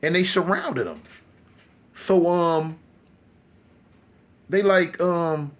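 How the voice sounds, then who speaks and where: A man telling a horror story casually, animated and loose with many fillers. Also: a little high, extremely slow, pauses often.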